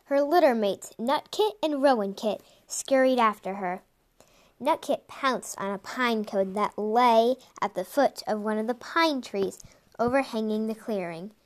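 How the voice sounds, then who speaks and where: A woman narrating a storybook in a soft, even reading voice, with the odd slip. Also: fairly high pitch, measured pace. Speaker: audiobook reader.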